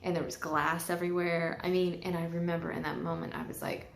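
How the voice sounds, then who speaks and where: A woman's voice: fairly low pitch, level tone, fairly quick, creaky, slight background noise. A woman talking casually and candidly in a personal vlog, getting emotional and swearing freely. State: tearful at times. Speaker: vlogger. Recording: echoey room.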